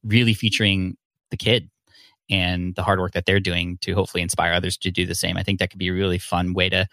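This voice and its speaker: A man's voice: sits low, level tone, fast, a bit bright, dry recording. A man hosting a podcast, talking casually and earnestly with a guest. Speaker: podcast host. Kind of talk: casual interview chat.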